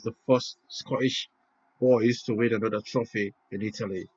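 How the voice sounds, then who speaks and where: A man hosting a football watch-along, reacting live and excitably, swinging between loud cheers and hushed awe. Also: lowish voice, normal speed, husky. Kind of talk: emotional live match reaction. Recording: muffled lo-fi home recording.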